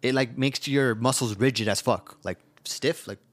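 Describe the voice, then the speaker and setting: A young man co-hosting a podcast, telling stories in a quick, profane, laid-back way. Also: mid-range voice, dry recording. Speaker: podcast co-host. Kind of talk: casual podcast banter.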